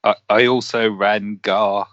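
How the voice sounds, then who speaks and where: A man on a casual live Q&A panel, chatty and quick to laugh. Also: on the low side, little pitch movement, a bit bright, no echo, dull audio. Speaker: panel guest.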